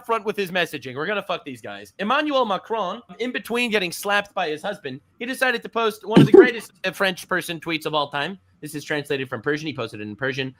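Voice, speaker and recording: A man's voice: high voice, animated, a little fast, few pauses. A man co-hosting a podcast in casual commentary, crude and mocking. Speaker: podcast co-host.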